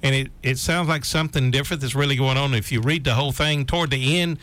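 A man's voice: medium pitch, fairly bright tone. A man chatting casually about politics on a talk show, folksy and repetitive, often drawing out his words. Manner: folksy, repeats himself, drawn-out phrasing.

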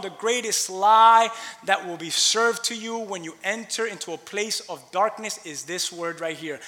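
A man preaching with a high, piercing and bright voice. He swings between loud, impassioned delivery and quiet asides. His sermon rings out with a long hall reverb behind it. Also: normal speed. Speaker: pastor.

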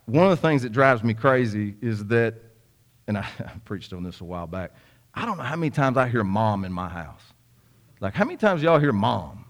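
A man's voice: fairly low pitch, big pitch swings, a little fast. A young man preaching a sermon, telling a folksy story with many repeats and asides to the congregation. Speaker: pastor.

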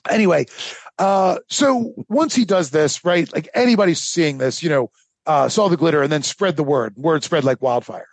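A man co-hosting a history podcast, telling the story in a casual, animated way with lots of fillers. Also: on the high side, moderate pace, breathy edge, dry recording. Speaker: podcast co-host.

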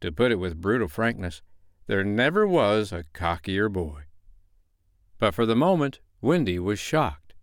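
A man reads a classic novel aloud as a bedtime storyteller, with a lowish voice and lively, rising and falling intonation. The sound is close and dry, with no room around it. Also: no echo. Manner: expressive, measured reading. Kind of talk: audiobook narration of a classic novel.

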